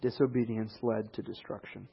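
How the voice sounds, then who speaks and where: A man with a slightly husky voice preaches a sermon. His delivery is animated, and he slips into quoted voices and rising emphasis. The recording sounds a little dull and lo-fi. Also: on the low side, normal speed.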